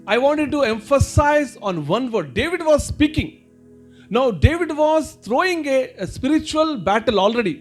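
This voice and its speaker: High-voiced Indian pastor preaching. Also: male voice, very animated, measured pace. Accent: Indian English. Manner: repeats and rephrases points, addresses listeners as brother and sister. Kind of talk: sermon. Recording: faint music behind.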